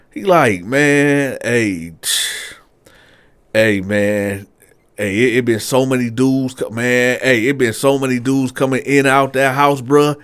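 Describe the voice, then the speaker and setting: A man casually telling a personal story, acting out the dialogue with big jumps in his voice. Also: normal speed. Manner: animated, acts out dialogue with big pitch jumps. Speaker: storyteller host.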